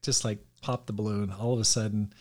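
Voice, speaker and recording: A man's voice: fairly low pitch, a little fast. Man telling a story with laughs. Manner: animated storyteller, acts out quotes with laughs. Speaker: podcast host, pastor. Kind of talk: casual storytelling chat.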